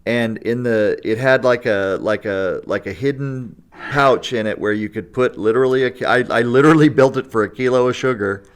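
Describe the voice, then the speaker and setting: A man's voice: medium pitch, moderate pace, few pauses, clean tone. A man telling a long story in a casual podcast chat. He laughs often and keeps checking in with "right?" and "you know". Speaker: guest storyteller.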